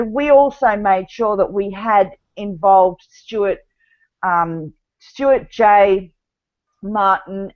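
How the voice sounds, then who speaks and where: A woman's voice: medium pitch, lo-fi sound. A woman with an Australian accent, chatting animatedly as a podcast guest. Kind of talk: casual chat.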